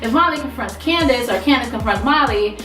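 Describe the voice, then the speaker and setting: A woman recapping a TV episode in a casual, profane, animated vlog, talking back to the characters. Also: on the high side, brisk, distant mic, faint music behind. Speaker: TV recap vlogger. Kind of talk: casual recap with quoted voices. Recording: roomy sound, away from mic.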